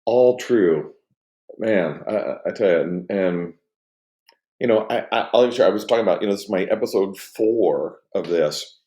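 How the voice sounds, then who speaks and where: Man, middle-aged, casual stream chat, rambling with restarts, low voice, echoey room. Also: normal speed, mellow. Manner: rambling, many restarts and fillers, emotional. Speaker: company co-founder hosting a live stream. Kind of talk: casual live-stream chat reading comments. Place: at home.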